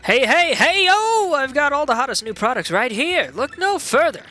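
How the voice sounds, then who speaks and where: A man's voice: very high voice, sing-song, moderate pace, sharp tone, soft background music, voice pushed up, heavily acted. A man doing a pushy, hawking street merchant. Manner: pushy sales patter. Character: pushy fast-talking male street merchant.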